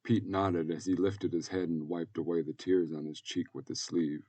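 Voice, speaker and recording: A man narrating an audiobook in calm, even storytelling. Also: low-pitched, normal speed, slightly rough, distant mic. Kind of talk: scripted narration.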